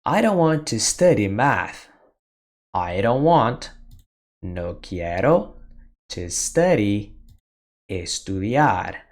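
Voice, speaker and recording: A teacher giving a beginner Spanish lesson, drilling words and phrases slowly with pauses for the listener to repeat. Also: medium pitch, very animated. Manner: slow, deliberate drilling with pauses for repetition. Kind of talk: slow beginner language lesson.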